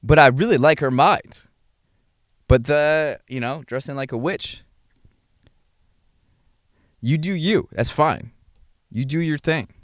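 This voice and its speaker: A young adult man hosting a podcast, talking through his thoughts in a rambling, halting way with many fillers and restarts. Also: a little high, dry recording, studio quality. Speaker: podcast host. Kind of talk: casual reflective monologue.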